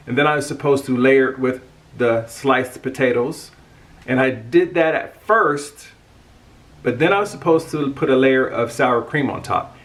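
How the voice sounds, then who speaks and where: Chatty man hosting a cooking video. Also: medium pitch. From United States. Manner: chatty, upbeat, jokes about pronunciation. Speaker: cooking channel host. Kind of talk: casual cooking talk to camera.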